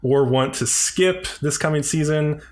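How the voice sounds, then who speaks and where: A man hosting a casual anime podcast, upbeat and quick to laugh as he runs the outro. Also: fairly high pitch. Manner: upbeat, laughs easily, wraps up the show. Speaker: podcast host.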